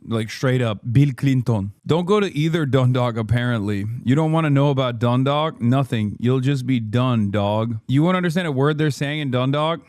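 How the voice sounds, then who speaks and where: A man's voice: mid-range voice, darkish tone, no echo, clean studio sound. A man in his thirties hosting a stream, giving casual reaction commentary as a profane, joking rant. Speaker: streamer host.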